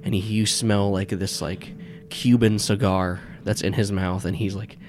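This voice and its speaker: A man's voice: on the low side, fairly even intonation, a little slow. A man narrating a tabletop game as game master, rambling with many fillers and restarts.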